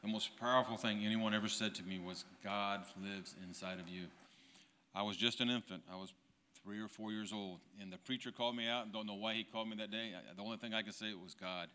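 A man's voice: on the low side, steady tone, a little fast, pushed and bright. A man giving a personal testimony to a church congregation, earnest and growing fervent.

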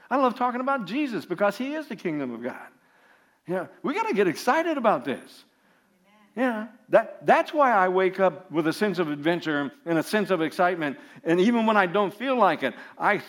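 A man preaching a sermon as an informal story, laughing often and restarting his sentences. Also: high-pitched. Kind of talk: anecdotal sermon.

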